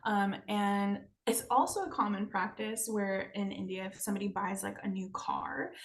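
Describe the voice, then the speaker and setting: A woman hosting a podcast, telling a folktale in a relaxed, casual way with frequent hesitations. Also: mid-range voice, normal speed. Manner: relaxed, hesitant, with many ums. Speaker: podcast host. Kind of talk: storytelling in casual chat.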